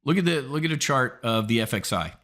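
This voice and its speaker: A middle-aged American man hosting a market show in a blunt, profane style. He hammers his points home and throws in sarcastic asides. His pitch sits in an ordinary middle range. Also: lively intonation, fairly quick, a bit bright. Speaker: market commentary host. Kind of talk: opinionated market commentary.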